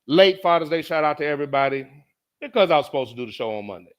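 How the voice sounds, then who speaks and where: Profane storytelling man, animated. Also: on the high side, racing, dull audio. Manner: animated, profane, repeats lines for emphasis. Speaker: podcast host. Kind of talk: casual storytelling monologue.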